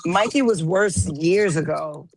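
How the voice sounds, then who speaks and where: A slightly hoarse woman chatting casually as a call-in panelist, teasing playfully as she tells stories. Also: lowish voice, takes it slowly, a crowd in the background. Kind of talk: casual chat.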